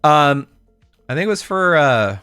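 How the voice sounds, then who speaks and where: A man in his thirties telling a story on a casual podcast, rambling with many fillers and swearing, breaking into loud outbursts. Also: a little high, sing-song, a little slow, clean tone, no room sound, clean studio sound, faint music behind. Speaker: podcast co-host.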